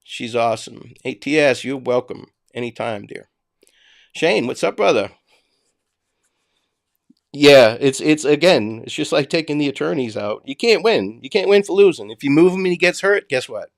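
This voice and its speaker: A man's voice: medium pitch, expressive, moderate pace, vocal fry. A man with a Boston accent, hosting a casual livestream and ranting bluntly, with profanity, to his viewers. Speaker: livestream host. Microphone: home desk mic, voice only.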